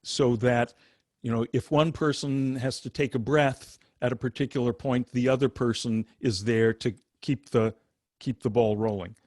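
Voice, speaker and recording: An older man teaching meditation over a video call, unhurried, with frequent fillers and restarts as he spells out and pronounces each syllable of a chant. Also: mid-range voice, steady tone, a little mellow, dry recording, clean studio sound.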